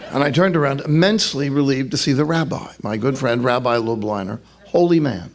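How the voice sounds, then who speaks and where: A man's voice: medium pitch, a little fast, hardly any pauses. An older man, a priest, telling funny stories to an audience and slipping into voices for the people in them. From New York. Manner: storytelling with joking asides and put-on voices. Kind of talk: humorous talk to an audience.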